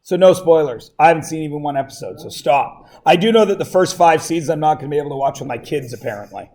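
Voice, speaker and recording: Man, math teacher, high voice, joking, teasing students, classroom lecture. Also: expressive, quick pace, darkish tone.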